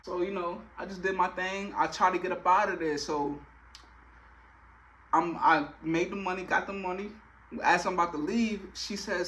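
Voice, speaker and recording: Brief: young man telling a story, casual slang, bright and highish voice. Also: moderate pace. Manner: slangy, animated, lots of filler phrases.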